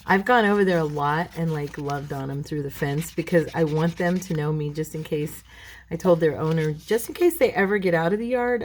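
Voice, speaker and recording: A middle-aged woman hosting a crafting video at home, chatting casually and rambling between tasks, clearing a frog in her throat. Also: low voice, normal speed, slight background noise, rough recording. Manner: rambling, chatty, addresses viewers as girls. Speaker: craft channel host.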